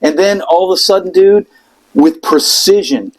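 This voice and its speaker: A middle-aged man with a slightly raised pitch tells his story in a loose, casual way. He is animated, slips into the voices of the people in it and swears freely. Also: normal speed, poor audio. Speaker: podcast guest telling a story.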